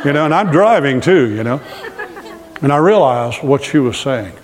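A man's voice: medium pitch, lively intonation, normal speed, a little hiss or hum. A male pastor preaching a sermon with humorous storytelling, asking his congregation questions as he goes. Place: church hall with live congregation. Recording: long hall reverb.

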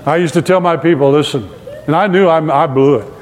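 A man's voice: fairly high pitch, brisk, crowd noise. A male pastor preaching a sermon with humorous storytelling, asking his congregation questions as he goes. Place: church hall with live congregation. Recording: long hall reverb.

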